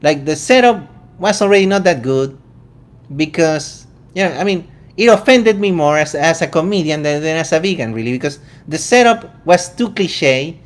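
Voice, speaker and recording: A man's voice: on the high side, expressive. A man from Venezuela with a Venezuelan accent, hosting a casual vegan commentary show in a joking, incredulous way. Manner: incredulous, joking, quick asides. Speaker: vegan channel host.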